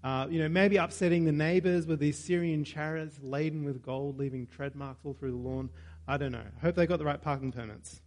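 A man's voice: a little high, steady tone, brisk, a little mellow. A man preaching a sermon in a conversational way, with joking asides and self-corrections.

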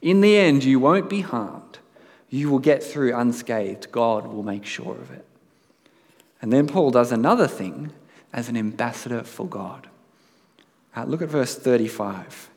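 A man's voice: medium pitch, animated, a little slow. A man preaching a sermon in a conversational way, now and then reading aloud with dramatic emphasis. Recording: long hall reverb.

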